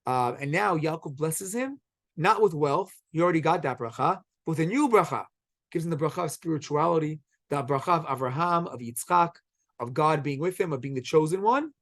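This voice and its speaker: A man teaching a Torah class, telling the story with animated acted-out quotes. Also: a little high, no room sound. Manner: animated, quotes characters in quick acted voices.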